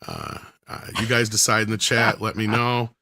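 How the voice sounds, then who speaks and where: A man co-hosting a casual livestream chat, joking and trading quick asides. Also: fairly low pitch, level tone, gravelly, crowd noise. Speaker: co-host.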